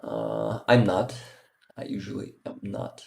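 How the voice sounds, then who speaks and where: A man from Ukraine hosting a casual livestream chat, halting and full of fillers and repeated words. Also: on the low side, very animated, vocal fry, a little mellow. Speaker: livestream host. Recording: roomy echo.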